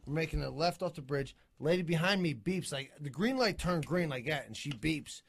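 A man tells an exasperated, profane story in casual banter. His voice sits slightly high for a man. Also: animated, moderate pace, gravelly, breathy edge.

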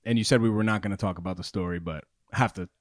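A man co-hosting a podcast in casual chat, an animated storyteller who acts out the voices of people he quotes. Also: low-pitched, quick pace, no room sound, studio quality. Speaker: podcast co-host.

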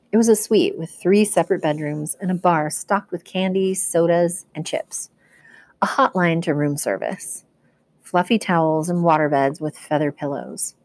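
A woman teacher reads a novel aloud to students in a lowish, even storytelling voice at normal speed. She carries the first-person narration steadily from line to line, and the sound is dry and close with no room echo.

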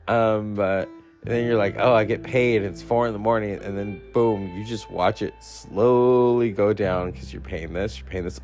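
A man in his forties talking in a rambling solo monologue, swearing and mocking himself, jumping high when he quotes himself. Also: measured pace, a little mellow, soft background music. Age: 40s. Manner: swearing, self-mocking, jumps between topics.

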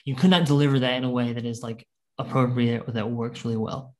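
A man's voice: medium pitch, quick pace. Chatty young man reviewing a film. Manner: animated, quotes movie lines in passing, many likes and restarts. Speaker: podcast host. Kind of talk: casual film review chat.

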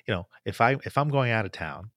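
Low-voiced male interview host. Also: animated, quick pace, a bit bright, dry recording, clean studio sound. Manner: questioning, hesitant restarts. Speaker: podcast host. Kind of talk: business interview.

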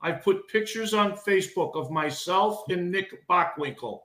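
Guesting on a podcast, a middle-aged veteran wrestler speaks emotionally and heatedly, repeating and restarting his words. His voice sits high and is a bit bright, and the room is echoey.

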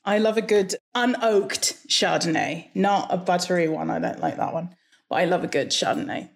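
A woman's voice: fairly low pitch, moderate pace, creaky. A woman from Hawaii with an English-leaning accent, a guest talking frankly and chattily in a casual interview, often laughing.

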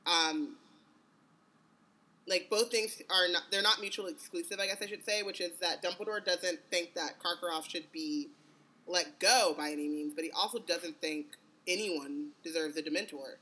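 Podcast co-host with a bright, forward voice. Casting a woman with slangy, jokey delivery. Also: fairly low pitch, moderate pace. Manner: animated, slangy, jokey asides. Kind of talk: casual chat.

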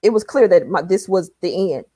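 A woman's voice: on the low side, animated, moderate pace, warm tone, slightly rough, no echo, clean studio sound. A woman sharing an emotional faith testimony in a conversation, speaking emphatically.

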